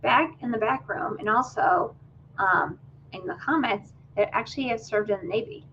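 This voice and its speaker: A woman's voice: fairly high pitch, animated, normal speed, a bit bright, highs cut off, slight background noise. A woman hosting a fundraiser livestream, curiously asking her guest questions over a video call. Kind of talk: livestream interview.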